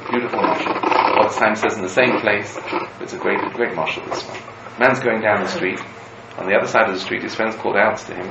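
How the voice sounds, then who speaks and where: A man, a rabbi, giving a Torah lecture to students, telling stories in an animated way and weaving Hebrew quotes into his explanation. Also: lowish voice, creaky, highs cut off. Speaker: rabbi teaching a class. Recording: roomy room with background noise.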